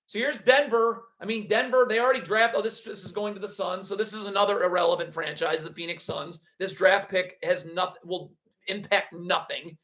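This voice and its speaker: A man's voice: high voice, fairly even intonation, normal speed, a bit bright. A man hosting a live basketball draft reaction stream, blunt and sarcastic as he rants. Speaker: basketball livestream host.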